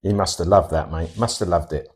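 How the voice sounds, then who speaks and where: A man's voice: deep voice, steady tone, brisk. A man with a Portsmouth English accent, bantering and teasing with dry quips in a comic sketch. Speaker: comedy double-act host.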